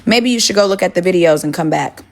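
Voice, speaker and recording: Talking fast in a lowish, slightly mellow voice, a young woman streams from her kitchen on her phone. She's blunt, profane and argumentative, chatting casually with viewers while cursing and pushing back at them.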